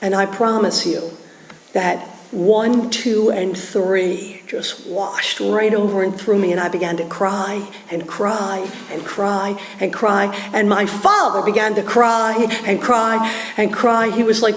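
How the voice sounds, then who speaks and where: A woman's voice: mid-range voice, measured pace. Woman sharing her story at a meeting, big echoey hall, faint room hum. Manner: animated storytelling, acts out voices. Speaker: recovery meeting speaker. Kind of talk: personal testimony talk.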